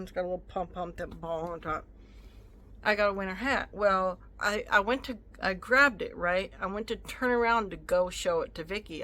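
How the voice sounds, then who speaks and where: A woman vlogger telling a casual storytime rant, indignant and animated, acting out both sides of an argument and drifting off on side comments. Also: mid-range voice. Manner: indignant, animated retelling with acted-out quotes; rambling, stops mid-story to chat.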